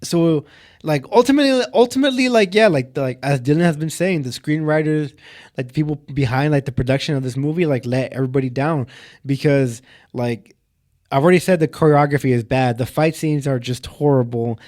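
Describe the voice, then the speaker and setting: A man's voice: on the high side, a little fast, darkish tone. A young man co-hosting a podcast, reviewing a film in casual chat, rambling with lots of filler words and getting heated. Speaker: podcast co-host.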